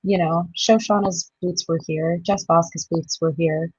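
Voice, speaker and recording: A woman in her thirties, a stage actress, telling lively stories in a casual interview and laughing often. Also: lowish voice, measured pace, husky, dry recording, highs cut off. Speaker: touring musical theatre actress, guest.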